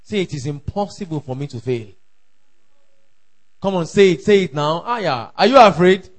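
A man preaching a sermon, emphatic and repetitive, calling out declarations and shouting at the peaks. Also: a little high, expressive, normal speed. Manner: emphatic, repeats lines for the crowd to echo, shouts at peaks. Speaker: pastor.

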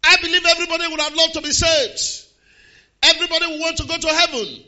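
A man preaching a sermon, swinging from quiet asides to slow, shouted declarations. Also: very high-pitched, dull audio. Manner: swings from quiet to shouted emphasis, slows hard on key lines.

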